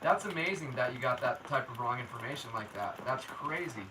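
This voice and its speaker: A man's voice: mid-range voice, lively intonation, a little fast, far from the mic, noisy background. A man hosting a casual weather livestream from his home, chatting with viewers in a laid-back, slangy way and reading their comments aloud. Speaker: local weather livestream host. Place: indoors at home.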